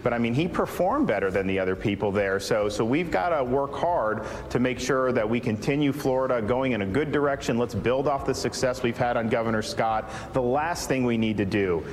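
A man's voice: mid-range voice, animated, brisk, few pauses, long reverb tail, slight background noise. Man giving a firm campaign speech. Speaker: political candidate.

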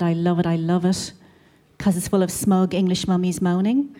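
A woman's voice: fairly low pitch, a little mellow. A woman performing a stand-up routine on a comedy club stage, sardonic, with her bits building into mock rants. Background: audience laughter.

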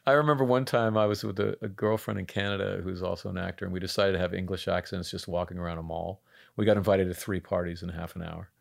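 Gravelly low-voiced laid-back man. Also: steady tone, quick pace. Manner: laid-back and wry, rambling storyteller. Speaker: guest actor. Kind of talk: casual interview chat.

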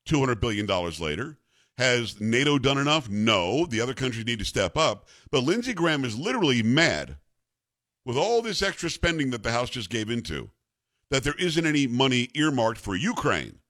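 A man's voice: mid-range voice, sing-song, moderate pace, a bit bright, no echo, clean studio sound. A man hosting a radio talk show, opinionated and teasing in a sarcastic way.

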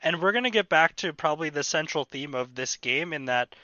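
A man's voice: on the high side, expressive, fairly quick, pushed and bright, no echo, lo-fi sound. A man co-hosting a hockey podcast, giving critical, argumentative analysis in casual talk.

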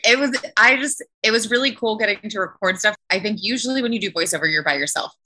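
A woman's voice: mid-range voice, fast, bright, forceful tone. A woman voice actor chatting casually on an after show panel, talking loosely with lots of fillers and laughs. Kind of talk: casual chat. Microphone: home recording setup.

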